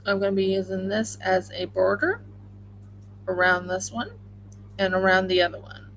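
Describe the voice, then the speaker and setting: A woman's voice: medium pitch, normal speed, a bit bright, slight background noise, poor audio. A woman hosting a crafting livestream, chatting casually and rambling with many fillers while she crochets at home.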